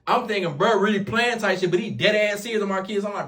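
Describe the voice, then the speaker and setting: A man's voice: sits high, fast. A man telling a prison story to camera in slangy, casual talk, piling up oaths and fillers. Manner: slangy, repeats oaths and fillers, animated retelling.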